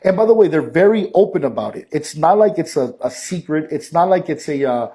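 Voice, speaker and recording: A man from Mexico explaining his views in an assertive, lecturing way, with the occasional halting filler. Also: on the high side, animated, dark tone.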